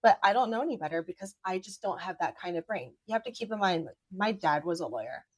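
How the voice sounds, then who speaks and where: A woman attorney, a podcast guest, giving legal advice in a steady run of points. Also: on the low side, fast talker, dry recording. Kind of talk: podcast interview.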